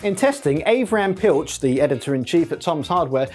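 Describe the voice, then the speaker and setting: A man's voice: a little high, animated, moderate pace, darkish tone, faint music behind. A man hosting a satirical comedy tech news show, talking sarcastically and mocking his subject. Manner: sarcastic, mocking, with many put-on silly voices.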